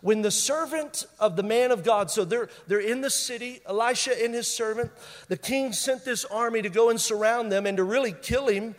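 High-voiced preacher in a reverberant hall. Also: male voice, normal speed. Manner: emphatic, repeats key phrases for effect; swings between loud bursts and quiet, intense lines. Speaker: pastor. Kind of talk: sermon. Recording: long reverb of a large hall.

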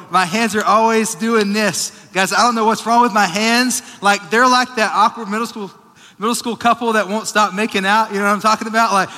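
A man preaches in a loose, self-mocking, conversational way. His voice sits high and sounds bright and forceful. The long reverb of a big church hall trails behind every phrase. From Texas. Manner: self-deprecating, joking, conversational. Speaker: pastor. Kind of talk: casual humorous sermon.

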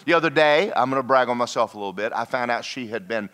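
A middle-aged man preaching a sermon, telling folksy stories and swinging between loud calls to the crowd and hushed, emotional passages. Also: mid-range voice, fast. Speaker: pastor.

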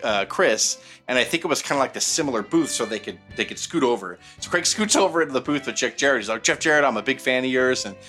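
This male podcast co-host has a medium-pitched voice and talks fast with few pauses over soft background music. He rambles through casual anecdotes in an animated way, using lots of fillers and doing quoted voices.

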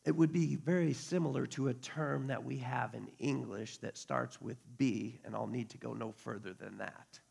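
A pastor preaching a conversational sermon, acting out quotes along the way. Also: male voice, medium pitch, steady tone, normal speed, vocal fry, few pauses, a little mellow, slightly rough.

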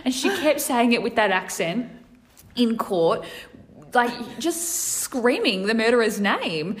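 A woman co-hosting a podcast, reacting quickly and telling jokey, animated anecdotes. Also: fairly high pitch. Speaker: podcast co-host. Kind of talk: casual chat.

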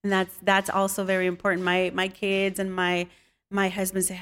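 A woman's voice: mid-range voice, normal speed, clean tone. Laughing woman telling family stories. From Mexican family. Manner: laughs often, mixes Spanish phrases, animated storytelling. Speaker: guest, home cook with viral videos. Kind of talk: casual interview chat.

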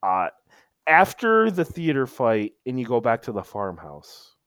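A man's voice: medium pitch, huge pitch swings, a little slow, fairly bright tone, no room sound, clean studio sound. A man chatting casually as a podcast co-host, telling a story with lots of restarts and emphatic bursts. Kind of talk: casual chat.

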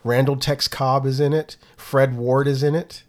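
A middle-aged man with a mid-range voice, neither high nor low. He talks easily and casually on a podcast, at a relaxed, conversational pace. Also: moderate pace. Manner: relaxed, slips into playful movie voices. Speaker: podcast co-host. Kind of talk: casual chat.

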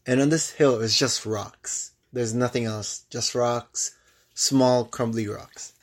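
A man's voice: mid-range voice, fairly even intonation, takes it slowly. A young man with a mid-range voice co-hosts a casual podcast. He tells a travel story animatedly, doubling back and restarting his sentences as he goes. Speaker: podcast co-host.

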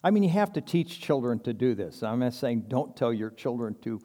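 A man's voice: medium pitch, sing-song, brisk, warm tone, big-room sound. A man preaching a sermon in a conversational, earnest way, acting out little quoted exchanges and chuckling now and then. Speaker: pastor.

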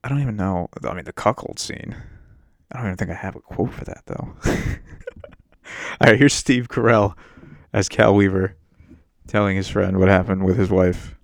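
A man's voice: low-pitched, steady tone, moderate pace, vocal fry, pauses often, no echo, clean studio sound. A man hosting a casual podcast, ranting about a movie in a crude, rambling and self-mocking way. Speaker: podcast host. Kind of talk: casual profane movie rant. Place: home setup while on a muted work meeting.

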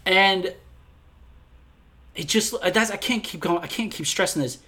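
A man in casual podcast chat, reviewing a film with animated, profane, exasperated rants. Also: high-pitched, unhurried.

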